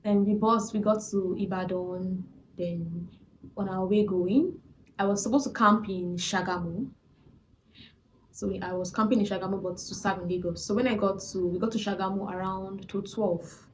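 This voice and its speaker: A young Nigerian woman tells her personal testimony at a chatty, animated pace, often restarting her sentences as she goes. Her pitch sits mid-range for a woman. A faint hiss runs behind her voice. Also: moderate pace, rough recording. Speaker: vlogger.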